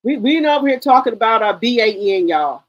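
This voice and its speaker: A woman's voice: on the high side, lively intonation, a little fast, no room sound, highs cut off. A woman hosting a gossip channel in casual livestream commentary, talking straight to her viewers with heavy swearing.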